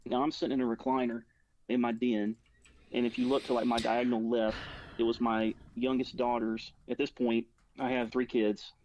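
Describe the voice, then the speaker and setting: In lo-fi audio with a little hiss or hum, a man recounts a personal story as a guest at a moderate pace. His voice is medium-pitched, level and darkish, and his casual storytelling rambles with frequent "like"s and restarts.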